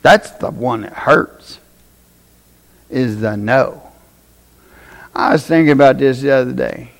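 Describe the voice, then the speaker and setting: A man with a Tennessee accent preaching a folksy sermon, swinging from shouted passages to quiet asides. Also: medium pitch, takes it slowly, gravelly.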